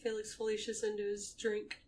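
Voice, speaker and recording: A woman's voice: mid-range voice, completely flat delivery, a little fast, a little mellow. A woman co-hosting a podcast, chiming in with short added details during a casual movie recap. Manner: chimes in briefly, adds details. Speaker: podcast co-host.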